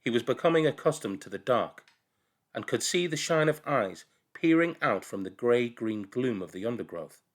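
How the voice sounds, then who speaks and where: A man reads a children's novel aloud, his pitch swinging widely as he tells the story. His delivery is expressive and full of movement, in a voice of middling height. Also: moderate pace. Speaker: reader.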